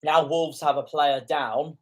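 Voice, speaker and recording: A young man calls a football match live in a fan reaction commentary, his voice sitting a touch higher than most men's. He grows indignant and swears at calls he thinks are wrong. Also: fairly even intonation, slow, noisy background.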